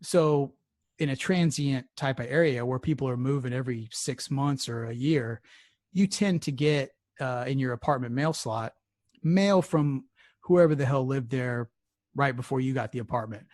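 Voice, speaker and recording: Casual male podcast co-host, from Houston, rambling and swearing through stories, mid pitch, dry close mic. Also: moderate pace, darkish tone, no echo. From Houston area. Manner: rambling, profane storytelling with laughs.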